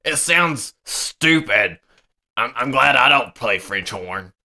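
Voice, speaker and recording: A man's voice: on the low side, a little slow, bright, forceful tone, heavily acted. A man voicing a boastful, self-important male horn player in a homemade comedy skit. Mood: scornful.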